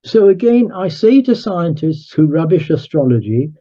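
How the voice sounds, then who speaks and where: A man speaking as an author and guest in an interview, measured and emphatic, as if lecturing. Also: a little high, big pitch swings, mellow, lo-fi sound. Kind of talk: conversational interview.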